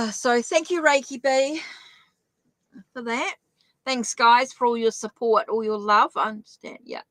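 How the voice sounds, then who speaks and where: A woman's voice: a little high, fairly even intonation, unhurried, a bit bright, no echo, poor audio. A middle-aged woman with a New Zealand accent, chatting her way through a live-streamed tarot reading, thinking aloud with frequent restarts. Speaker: tarot reader.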